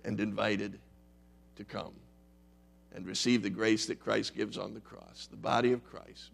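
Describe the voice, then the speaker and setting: A man's voice: lowish voice, little pitch movement, moderate pace, vocal fry, soft background music. A male pastor preaching a sermon in a conversational, emphatic way with wry humor.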